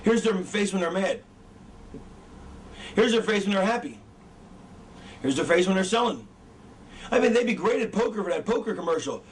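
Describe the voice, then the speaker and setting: Speaking at a normal speed with long pauses, a middle-aged wrestling trainer uses a high-pitched, animated voice. His teaching is casual, profane and rambling, and his train of thought often slips away. It's recorded on a distant mic with faint background noise.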